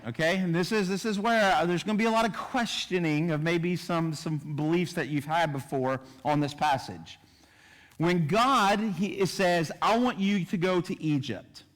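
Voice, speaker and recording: Conversational man teaching the Bible. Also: high-pitched. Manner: conversational, repeats words and asks "right?" often. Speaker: pastor. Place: church.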